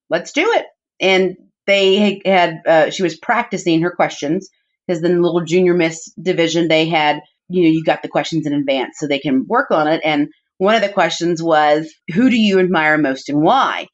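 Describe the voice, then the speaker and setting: A woman with a fairly low voice shares family stories as a podcast guest, heartfelt and chatty, her sentences full of "like" and "you know". The audio is dull and muffled. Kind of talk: personal storytelling in conversation.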